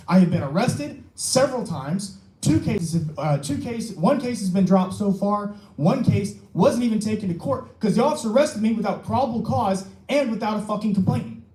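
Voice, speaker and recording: Brief Young man, high voice with a mellow tone, furious public commenter, echoey council room. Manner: angry, emphatic, swears, rhetorical questions. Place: city council chamber.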